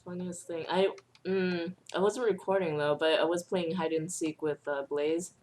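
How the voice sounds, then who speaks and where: A woman's voice: lowish voice, steady tone, normal speed, darkish tone. A young woman hosting a casual chat while playing a video game, telling stories and laughing often. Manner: giggly, laughs often between storytelling. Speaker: channel host.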